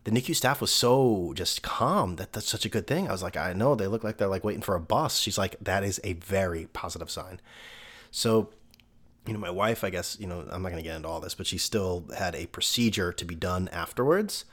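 A man's voice: sits low, fairly quick, fairly bright tone. A young man, a podcast host, telling a personal story in a loose conversational way, swearing now and then and laughing between thoughts. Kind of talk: casual storytelling monologue.

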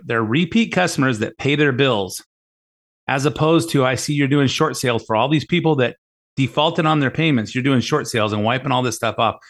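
A man's voice: mid-range voice, a bit bright. A middle-aged man hosting a talk radio show, rambling in a casual monologue, often repeating words and retelling conversations with emphasis. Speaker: radio show host and mortgage lender.

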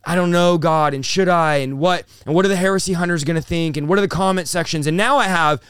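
Pastor guest, thirties, male: animated and fast-talking, slightly high, smooth clear voice, dry close sound. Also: no room sound. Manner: animated, rapid-fire, says bro and dude. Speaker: pastor and revivalist, interview guest. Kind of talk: excited conversational storytelling.

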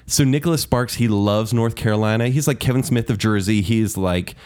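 A man's voice: fairly low pitch, fairly quick, darkish tone. A man co-hosting a casual chat, earnestly making his case. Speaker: podcast co-host.

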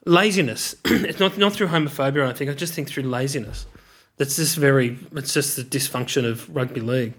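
A man's voice: mid-range voice, fairly quick, fairly bright tone. Candid middle-aged Australian man. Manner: candid, reflective, searching for words. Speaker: interviewee. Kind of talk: personal storytelling interview.

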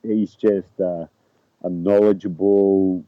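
A man appearing as a podcast guest, talking casually and haltingly, often repeating words. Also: low-pitched, level tone, dry recording. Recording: dry, tinny phone-like line.

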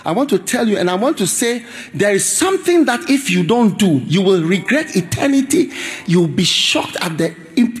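A man preaching a sermon in an animated, pleading way, often breaking into shouts. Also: sits high, slightly rough. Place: large church hall with congregation. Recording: church hall reverb, live crowd.

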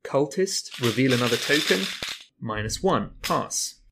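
A man's voice: medium pitch, animated, measured pace, creaky, very noisy. A man playing a card game solo, talking through his choices and weighing options aloud as he plays. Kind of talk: thinking-aloud gameplay commentary.

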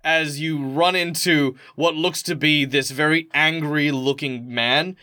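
A man's voice: fairly high pitch, steady tone, a little slow, sharp tone, dry recording, clean studio sound. An Australian man narrating a tabletop game as game master, casual and rambling. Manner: rambling, informal, hesitant.

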